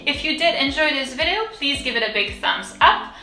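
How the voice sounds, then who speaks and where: A woman giving a pronunciation tutorial, saying each word slowly and repeating it for drills. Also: high-pitched, expressive. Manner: slow, careful, repeats words to drill them. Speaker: French pronunciation teacher. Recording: echoey room with soft music.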